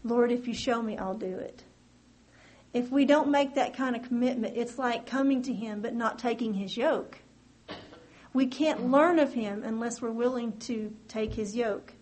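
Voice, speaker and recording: A woman preaching a sermon in an earnest way, her voice climbing and getting louder on key points. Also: low-quality recording. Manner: earnest, rises in pitch and volume on key points.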